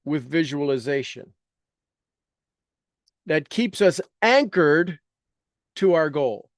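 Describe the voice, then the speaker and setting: Energetic man coaching a visualization. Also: a little high, slow pace, no room sound, clean studio sound. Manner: energetic, coaxing, acts out reactions. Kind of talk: guided visualization workshop. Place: online video call session.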